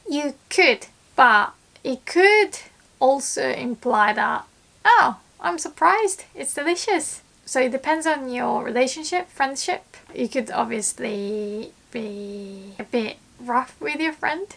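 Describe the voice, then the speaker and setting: A young woman in a casual language lesson, explaining Japanese phrases and acting out lively examples. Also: a little high, slow pace, creaky.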